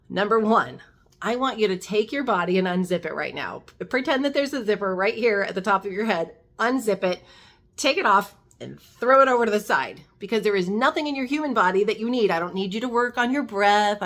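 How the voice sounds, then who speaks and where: A woman leading a gentle guided meditation as a spiritual guide, coaxing and slow, counting down in a soft hush. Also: medium pitch.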